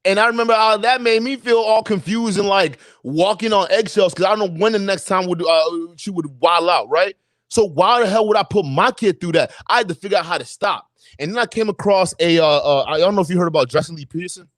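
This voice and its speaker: A young adult man on a livestream chat, telling personal stories in a lively, profane way and acting out the voices of people he quotes. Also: high voice, brisk, no echo. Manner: animated storytelling, acts out quoted voices, profane. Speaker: podcast co-host.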